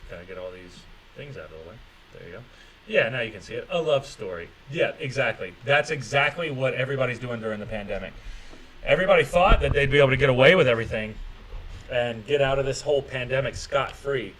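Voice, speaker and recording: Fast and lively, this male livestream host speaks in a medium-pitched, slightly bright voice over slight background noise on a low-quality recording. In his casual chat he rambles, curses, reads out viewer comments, and sarcastically ridicules people's excuses, mimicking their voices.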